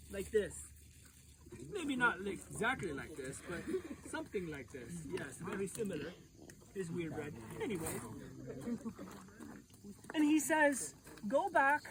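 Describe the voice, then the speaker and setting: A woman youth pastor acting out a Bible story in the first person, animated and playful, talking straight to her audience. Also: high-pitched, a little hiss or hum, low-quality recording.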